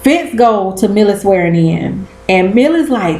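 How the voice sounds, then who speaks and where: A woman's voice: medium pitch, lively intonation, measured pace, few pauses, warm tone, roomy sound, low-quality recording. A woman chatting casually about a TV episode, slangy and cussing as she acts out quotes. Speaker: vlogger recapping a TV episode. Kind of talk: casual chat.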